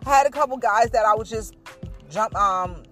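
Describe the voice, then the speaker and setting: Older woman, fairly high voice, playful casual Bible talk, faint music in the background. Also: normal speed. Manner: chatty and playful, laughing and breaking into song; animated, with sudden high pitch jumps. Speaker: faith talk host.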